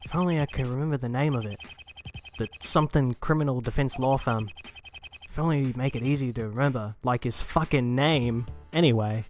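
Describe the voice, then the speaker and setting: Dude doing a cocky aussie cop, sarcastic and rambly, fan game voice. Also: male voice, mid-range voice, a little fast, soft background music, lightly acted. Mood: blunt. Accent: put-on Australian. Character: brash blunt male police detective.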